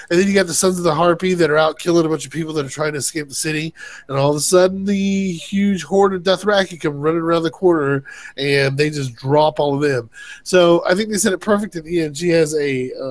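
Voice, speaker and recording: A man co-hosting a casual show, excitedly retelling an episode and acting out the characters' lines with a laugh. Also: on the high side, no room sound. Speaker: co-host recapping an episode. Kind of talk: casual recap chat.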